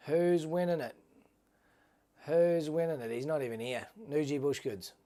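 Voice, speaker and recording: A man's voice: on the high side, fairly even intonation, normal speed, warm tone. Chatty man hosting a livestream. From Australia. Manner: chatty, calls viewers mate, upbeat. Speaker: livestream host. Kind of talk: casual livestream giveaway chat.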